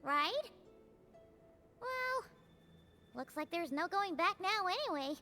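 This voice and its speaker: A squeaky, excitable fairy sidekick. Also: female voice, takes it slowly, exaggerated voice. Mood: chatty. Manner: exclaiming, scolding warnings. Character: tiny floating girl companion, bossy, excitable. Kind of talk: video game dialogue. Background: game music.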